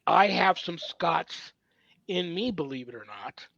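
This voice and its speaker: A man's voice: on the high side, sing-song, measured pace, gravelly, a bit bright, no echo. A man hosting a casual podcast interview, talking in a rambling, chatty way with many fillers. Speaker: podcast host. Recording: dull, dry podcast recording.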